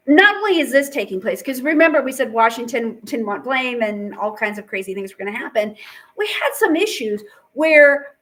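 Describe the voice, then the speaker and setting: A woman's voice: a little high, fairly bright tone. A woman teacher giving a casual, chatty history lecture, full of fillers and playful asides. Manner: chatty, acts out quotes with fillers.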